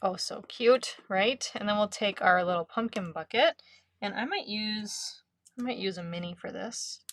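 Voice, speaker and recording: A woman hosts a live card-making class in a chatty, upbeat way that breaks easily into giggles. Her voice sits at an ordinary middle pitch. The sound is dry, with no room echo. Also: normal speed, a bit bright. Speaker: craft instructor.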